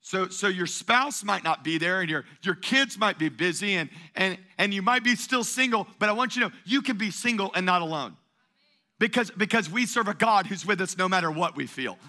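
A male pastor delivering an energetic sermon in a church, calling on the congregation to answer back. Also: sits high, a little fast. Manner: call-and-response preaching, energetic and emphatic.

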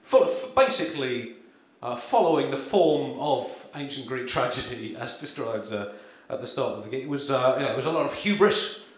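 A man doing a stand-up comedy set with a dry, halting delivery full of ums and uhs, performed live. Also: mid-range voice, animated. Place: live comedy venue, in front of an audience. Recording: echoey live room with crowd.

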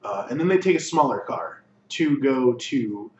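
A man co-hosting a podcast, recapping a show in casual chat and acting out characters' lines in quick asides. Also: mid-range voice, animated, darkish tone. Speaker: podcast co-host. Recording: echoey, distant, dull lo-fi room mic with faint noise.

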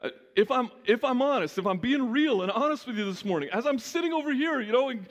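A male pastor giving a lively, conversational sermon, often restarting his sentences. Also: extremely high pitch, fast talker, big-room sound, highs cut off.

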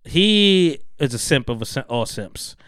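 An american man with a smooth, resonant voice, chatting loosely on a podcast. he recaps a story with plenty of swearing and keeps slipping into voices for the people in it. the sound is close and dry, with no room around it. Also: mid-range voice, measured pace, no room sound. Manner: profane, animated storytelling, acts out quotes. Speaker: podcast host. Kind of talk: casual chat.

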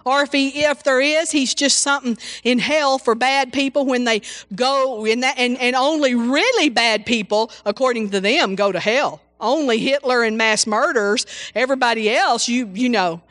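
A woman's voice: on the high side, a bit bright, no echo. A woman preaching an informal sermon, exclaiming hallelujah often and restarting her sentences.

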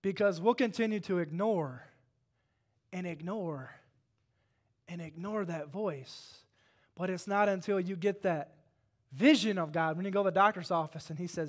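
A man preaches from the pulpit. His voice sits high for a man, and he swings between hushed, intimate passages and loud, fervent bursts. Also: moderate pace, pauses often. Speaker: pastor. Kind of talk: sermon.

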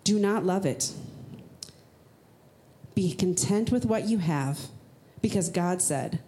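A woman pastor preaching a sermon in church, speaking casually and with emphasis, sometimes jumping up high for rhetorical questions. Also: animated, takes it slowly, mellow.

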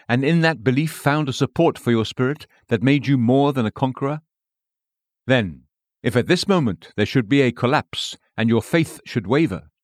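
A man reading an old sermon aloud in a measured, solemn way. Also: mid-range voice, no echo, clean studio sound. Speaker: preacher.

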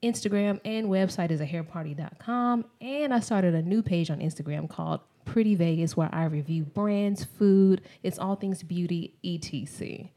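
A woman's voice: fairly low pitch, normal speed, hardly any pauses, warm tone. A young woman guest on a podcast, speaking emphatically and upbeat about her business. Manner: upbeat, emphatic self-promotion. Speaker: guest, music and hair brand owner. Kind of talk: casual interview chat.

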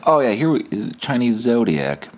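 A man hosting a solo podcast, rambling casually with deadpan sarcasm and jokes. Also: medium pitch, moderate pace. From Canada. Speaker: podcast host.

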